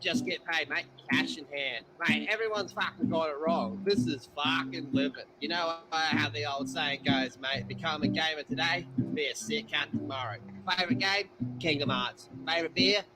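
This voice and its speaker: A swaggering young gamer with a broad Australian accent who swears in every sentence and rambles through his brags, as a man voices him for a cartoon. His voice sits a little high. Loud strummed guitar plays behind him. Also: normal speed, close to an everyday voice, poor audio. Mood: boastful. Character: crude boastful male Aussie gamer streamer, young adult. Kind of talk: cartoon parody voice acting. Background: loud guitar music.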